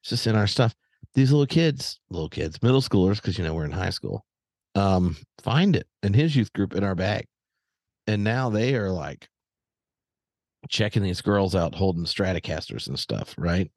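A man telling a long story in casual chat, animated and rambling with many fillers and restarts. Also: low-pitched, no echo. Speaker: podcast guest.

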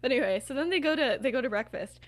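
A woman's voice: high-pitched, animated, racing, no room sound. A young woman co-hosting a podcast, casually telling a story with lots of filler words and laughter. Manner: chatty, filler-heavy with frequent "like", laughs often.

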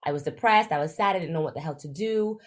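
Lively woman telling her story. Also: quick pace. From Jamaica. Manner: animated, acts out quoted dialogue with big jumps in pitch. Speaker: guest, travel influencer. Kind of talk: casual storytelling interview.

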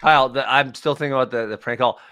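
A man co-hosting a casual chat, telling stories in an animated way and breaking into laughter. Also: mid-range voice, fast, clear, resonant tone, dry recording. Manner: animated storyteller, bursts of laughter. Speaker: podcast co-host, former wrestler.

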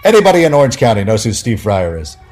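Animated, chatty man telling stories. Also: lowish voice, fast. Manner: animated, many fillers, acts out quoted dialogue. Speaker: guest, sports writer. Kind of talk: casual interview storytelling.

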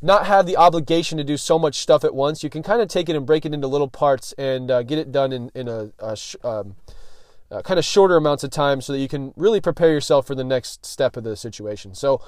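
A man's voice: medium pitch, quick pace, no room sound, studio quality. A young man hosting a podcast, telling a personal story in a loose, slangy way, full of "like" and "dude", and swearing freely. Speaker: podcast host.

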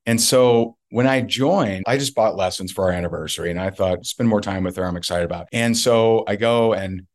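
A man's voice: fairly low pitch, fairly quick. A man being interviewed as a guest, telling a story emphatically and repeating points for effect. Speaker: guest, network marketer.

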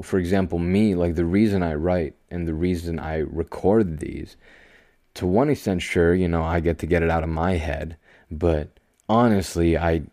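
A young man hosting his own podcast, talking calmly and slowly in a rambling, self-deprecating way. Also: low-pitched, no room sound, studio quality. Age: young adult. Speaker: podcast host. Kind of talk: casual solo podcast monologue.

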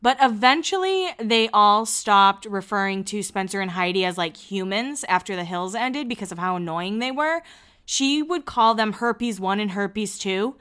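A young woman hosting a podcast and recapping a reality show in casual chat, laughing often and slipping in quick quoted asides. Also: mid-range voice, lively intonation, a bit bright, clear, resonant tone.

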